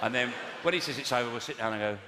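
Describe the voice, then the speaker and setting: A man's voice: mid-range voice, racing, very noisy. A man from England doing stand-up and bantering with the crowd, rambling and correcting himself as he goes. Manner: rambling, self-correcting, mock-outraged. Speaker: stand-up comedian. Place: live venue with audience. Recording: echoey hall, live audience.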